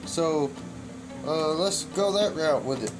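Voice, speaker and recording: A middle-aged man hosts a casual DIY vlog, loud, joking and quick to swear. His voice sits high for a man. Clear music plays behind him. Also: lively intonation. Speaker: channel host, circuit bender.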